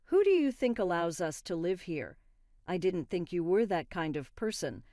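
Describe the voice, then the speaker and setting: A woman doing an angry young husband in a spoken story, blunt and accusing. The voice sits low and mellow, recorded close and dry with no room sound. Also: big pitch swings, normal speed, no room sound.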